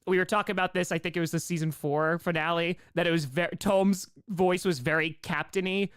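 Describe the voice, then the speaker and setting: A young man hosting a live stream, chatting casually in a rambling, excitable way. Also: high voice, fairly quick, clean tone, no room sound, clean studio sound.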